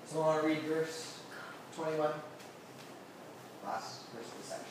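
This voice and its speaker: A man's voice: a little high, a little slow, background noise. A man giving a casual, interactive sermon to a youth group, constantly checking in with his listeners. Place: air-conditioned room with a group. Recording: very echoey room, mic far off.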